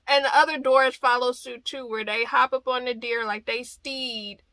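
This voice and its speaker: Chatty, bright-voiced woman vlogger. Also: fairly high pitch, steady tone, normal speed, dry recording. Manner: chatty, joking, wry asides. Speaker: vlogger recapping a film. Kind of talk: casual reaction recap.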